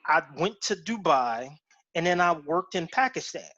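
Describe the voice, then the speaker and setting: A man from Cincinnati chatting casually as a co-host, telling lively anecdotes and acting out other people's voices. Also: a little high, moderate pace. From Cincinnati, Ohio. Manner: animated storyteller who acts out voices in his anecdotes. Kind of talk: casual chat. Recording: dull lo-fi stream audio.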